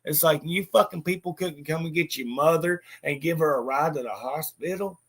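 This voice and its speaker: A man with a voice pitched a little high for a man, talking in a casual monologue. He sounds bitter and swears constantly. He keeps stumbling into restarts and repeated words. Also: normal speed, a bit bright, slightly rough. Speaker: storyteller.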